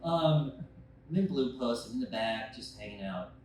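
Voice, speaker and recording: Rambling young stand-up comic in an echoey bar. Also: male voice, medium pitch, animated, normal speed, slight background noise. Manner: loose, rambling, swearing, acting out scenes with shouted quotes. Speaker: stand-up comedian. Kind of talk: stand-up storytelling. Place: bar stage. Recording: echoey bar room from far off.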